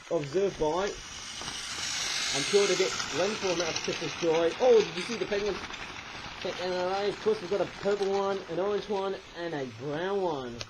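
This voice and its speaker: High-voiced rambling man saying "eh?". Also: background noise. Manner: rambling, ends phrases with a questioning "eh?"; often gropes for words aloud. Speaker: toy reviewer. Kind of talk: casual toy review vlog.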